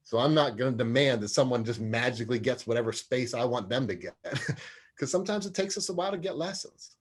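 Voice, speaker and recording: A man's voice: mid-range voice, animated, brisk, husky. A man in his forties, a sports psychologist talking as an interview guest, earnest and expansive, often laughing at himself. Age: 40s. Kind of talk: conversational interview.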